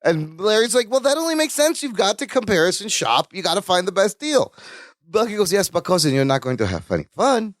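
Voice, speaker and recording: A man co-hosting a podcast in casual chat, recapping a sitcom episode and acting out characters' lines in quick impressions. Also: high-pitched, sing-song, no room sound, clean studio sound. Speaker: podcast co-host.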